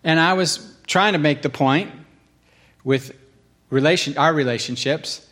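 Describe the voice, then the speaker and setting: A man with a high-pitched voice delivers a relaxed, conversational sermon. He tells stories with animated swings between quiet asides and sudden high outbursts, often laughing at himself. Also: measured pace. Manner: self-deprecating, laughs at himself. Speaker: pastor. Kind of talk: casual sermon storytelling.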